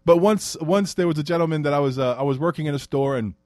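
A Brooklyn man with a Brooklyn accent talks through his podcast in a loose, wandering monologue, cursing casually and drifting off mid-thought. His voice sits fairly high for a man. The sound is close and dry, with no room around it. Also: fast talker, a little mellow, no room sound. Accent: Brooklyn New York. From Brooklyn, New York. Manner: rambling, swears freely, often trails off into "I don't know". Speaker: podcast host.

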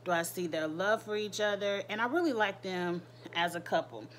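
A woman's voice: medium pitch, moderate pace. Brief: woman vlogger, AAVE, candid and gossipy, crude slang, faint noise behind. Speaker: reality TV recap vlogger. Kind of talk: casual recap commentary.

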